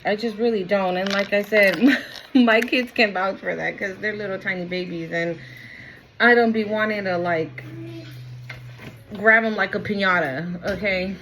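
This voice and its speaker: A young woman with a mid-range voice and steady tone gives a casual tarot reading at a moderate pace, with background noise present. Candid and chatty, she swears freely, repeats herself for emphasis and keeps checking in with "okay?"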